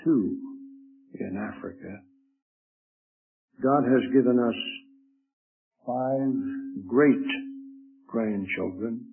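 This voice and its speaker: An older man giving his spoken testimony as a preacher, telling it in an earnest, measured way. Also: mid-range voice, gravelly, slightly rough. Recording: tinny lo-fi phone-like recording.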